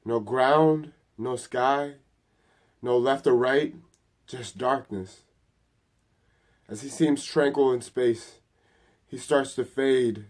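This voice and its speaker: Slow-reading man on a vlog. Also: medium pitch, steady tone, darkish tone. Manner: upbeat greeting, then dramatic reading. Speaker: vlogger reading his own book.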